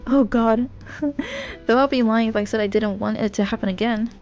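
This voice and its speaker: A woman's voice: on the high side, steady tone, fast talker, a little mellow, dull audio. A young woman streamer reading a romance game aloud. She giggles and drifts into rambling asides. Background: game music.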